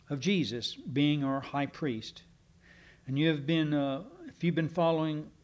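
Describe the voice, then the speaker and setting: A pastor delivers a Sunday night sermon, teaching emphatically with slow, deliberate stresses and the odd filler. His voice is a little high with a darkish tone.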